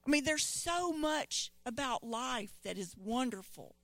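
A middle-aged woman, preaching a sermon and retelling scripture stories in an animated way. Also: high-pitched, unhurried, no echo. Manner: storytelling, animated quoting of scripture voices.

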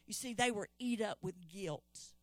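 A woman's voice: mid-range voice, measured pace, no room sound, faint music behind. A woman preaching a sermon, retelling a Bible story and calling out questions to her congregation. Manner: lively, calls out to the congregation.

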